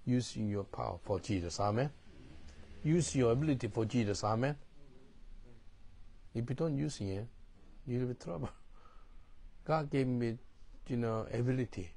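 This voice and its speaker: A male pastor teaches from the Bible in broken, non-native English, frequently asking "do you understand?". His mid-range voice is creaky, slightly rough and darkish in tone.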